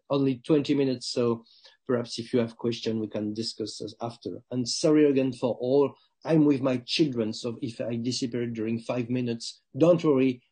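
A man with a French accent giving an academic talk over a video call, pausing and restarting often. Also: mid-range voice, warm tone, breathy edge. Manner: halting, restarts often, non-native phrasing. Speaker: guest speaker.

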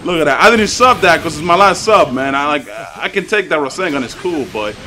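A man giving excitable, profane live commentary over his own game matches, trash-talking opponents and hyping his plays. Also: a little high, brisk. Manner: excitable, profane trash talk, swings between hype shouts and mutters. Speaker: gaming YouTuber.

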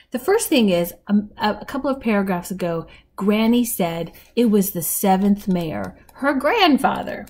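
A woman teacher reading a novel aloud to her students and pausing to explain details. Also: mid-range voice, darkish tone. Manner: explanatory, guiding readers through details.

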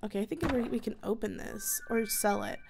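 A young woman casually commentating her gameplay, bubbly and excitable and chatting to her viewers. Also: medium pitch, brisk, creaky, over music. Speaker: gaming video host.

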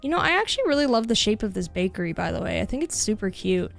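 A woman's voice: mid-range voice, sing-song, fast, vocal fry. A young woman with a Canadian accent, chatting casually to her viewers while she plays, rambling with lots of fillers. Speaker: streamer. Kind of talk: casual live-stream chat while gaming. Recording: faint music behind the voice.

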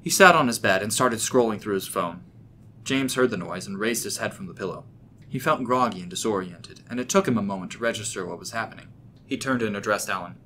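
Male narrator for scripted horror, low pitch, crisp bright tone, steady delivery. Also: fairly quick, a little hiss or hum.

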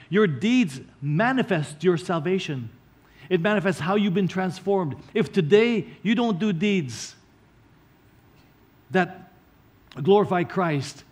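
A male pastor preaching a sermon, earnestly explaining scripture line by line and slowing down to stress key words. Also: high-pitched, a little mellow.

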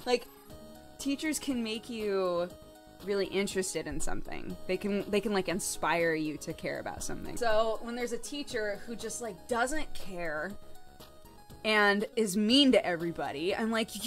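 Young woman, streamer, casual storytelling, animated, profane, mid pitch, faint background music. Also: measured pace. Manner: animated, profane, laughing often.

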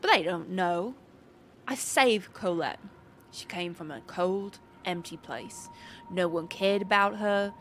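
A woman putting on the voice of an obsessive, lonely man in a lowered, hushed tone while reading a note from a game. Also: slow, a little hiss or hum. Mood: creepy devoted. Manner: hushed, lowered attempt at a man's accent.

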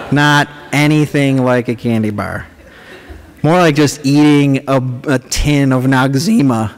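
A man giving a comedic, sarcastic lecture to students as a professor, animated and teasing the audience. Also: medium pitch, normal speed. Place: large lecture auditorium. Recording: echoey hall recording, faint room noise.

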